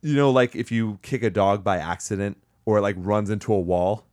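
A man's voice: lowish voice, brisk, a little mellow, no echo, clean studio sound. Profane sarcastic man ranting about movies. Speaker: podcast host. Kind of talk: casual movie-review banter.

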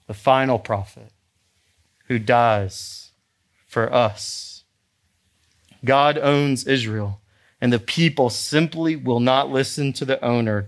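A male pastor preaching a sermon, animated and emphatic, acting out the people in his story. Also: medium pitch. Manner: animated, acts out characters, rising to emphatic exhortation.

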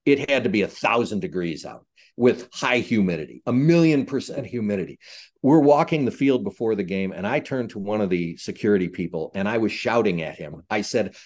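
A man's voice: on the low side, animated, brisk, a little mellow. An older man from Chicago, a retired football referee, telling funny anecdotes with self-deprecating humor in a casual interview.

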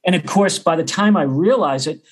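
A man's voice: a little high, moderate pace. A middle-aged man, a percussion teacher, telling a story casually and acting out the other people's voices. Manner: animated, acts out others' voices.

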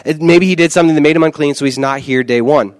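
A man's voice: on the high side, fast. A male pastor delivering a conversational, emphatic sermon and often repeating words for stress.

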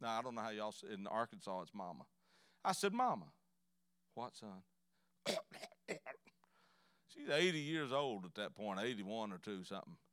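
A middle-aged man, preaching a folksy, humorous sermon story that swings between hushed asides and loud outbursts. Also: lowish voice, expressive, moderate pace, pauses often, smooth, no room sound, clean studio sound. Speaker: pastor. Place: church sanctuary.

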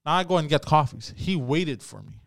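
A man casually telling a story on a podcast, acting out shouted quotes with lots of swearing and "bro". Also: on the high side, fairly quick, dry recording, studio quality. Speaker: podcast host.

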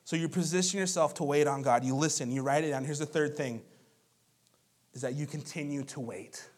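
Man, pastor, sermon, high-pitched, conversational, lively storyteller. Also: moderate pace, long pauses.

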